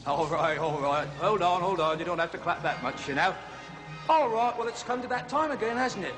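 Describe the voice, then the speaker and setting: A flustered, self-amused jungle explorer chatters through his zoo films in a high, bright voice. He fusses and laughs at his own jokes in a 1970s children's TV romp. Music plays behind him. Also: expressive, a little fast. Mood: jovial. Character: jolly bumbling male jungle explorer zoo host. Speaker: zoo segment host.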